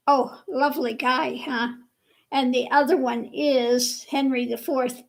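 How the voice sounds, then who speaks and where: A woman hosting a casual livestream chat with viewers, slow and chatty, laughing often, with her voice a bit worn. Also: on the high side, vocal fry, rough recording. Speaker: livestream host.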